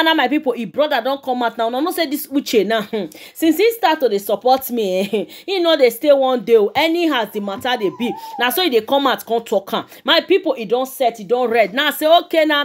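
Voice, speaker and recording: A woman with a Nigerian accent doing celebrity gossip commentary on her channel, talking straight to her viewers. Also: fairly high pitch. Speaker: YouTube gossip vlogger.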